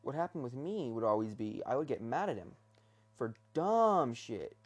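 A young man talks off the cuff from his bed, rambling between topics. He stops and restarts often, hunting for words, and his pitch sits mid-range for a man. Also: lively intonation, fast talker, a little mellow, husky. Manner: meandering, hesitant, full of restarts and fillers. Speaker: vlogger. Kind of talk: casual rambling rant. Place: bedroom.

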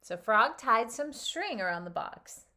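A health coach reading a children's story aloud and then commenting on it in an animated way, with frequent laughs. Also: female voice, fairly high pitch, unhurried.

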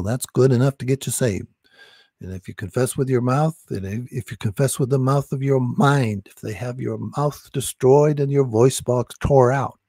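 A man's voice: medium pitch, warm tone, no room sound, clean studio sound. A man preaching urgently about salvation and deliverance, pressing the listener to repeat a confession of faith. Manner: urgent, insistent, repetitive exhortation.

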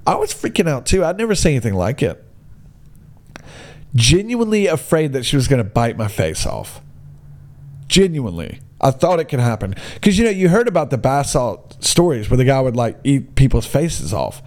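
Excitable, blunt man telling a story. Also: medium pitch, moderate pace. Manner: blunt, excitable, says "dude" a lot. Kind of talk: casual ranting storytelling.

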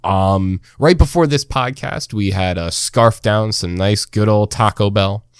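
A young man hosting a casual podcast, relaxed and full of fillers, laughing often. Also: lowish voice, a little slow, clean tone, no echo, studio quality. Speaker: podcast host.

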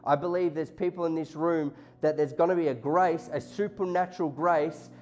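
A man's voice: a little high, fairly even intonation, normal speed, darkish tone. A man preaching a sermon to a congregation, impassioned, often acting out God and listeners in quoted lines. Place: church hall before a congregation. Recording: faint music behind.

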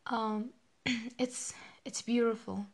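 A young woman's fairly high voice talks slowly through a personal podcast monologue. She is emotional and halting, with many pauses and restarts as she reflects. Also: steady tone, breathy edge. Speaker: podcast host.

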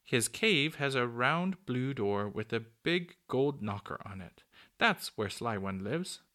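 A man's voice: mid-range voice, animated, takes it slowly, bright, forceful tone. A man voicing a sly, eager little boy gnome in a storybook reading.

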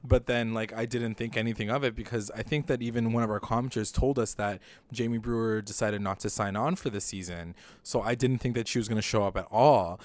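A man's voice: fairly low pitch, steady tone, brisk, hardly any pauses. A man co-hosting a casual podcast, retelling a TV episode with lots of fillers and acted-out quotes, often laughing. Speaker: podcast co-host. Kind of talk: casual recap chat.

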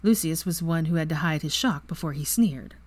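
A woman reading fan fiction aloud as narrator in a steady, even manner. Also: low-pitched, a little fast. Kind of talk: story narration.

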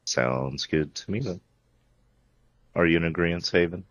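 A man playing a character in a tabletop game, speaking haltingly and correcting himself. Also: low voice, no echo. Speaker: player. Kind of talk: tabletop role-play. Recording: dull, lo-fi mic.

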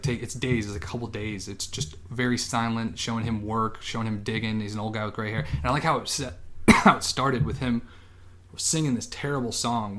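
A man's voice: fairly low pitch, fairly bright tone. A man co-hosting a podcast, casually retelling a film scene with swearing and acted-out quotes. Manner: loose, profane storytelling with acted-out quotes. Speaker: podcast co-host. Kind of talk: casual chat.

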